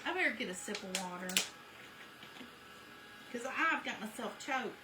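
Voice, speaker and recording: A woman's voice: fairly high pitch, lively intonation, moderate pace, distant mic, heavy background noise. A woman chatting casually and poking fun at herself as she walks through a craft project step by step. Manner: chatty, self-deprecating, explains each step as she works. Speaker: craft vlogger. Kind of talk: casual how-to chat while crafting. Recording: echoey room, voice a bit off-mic.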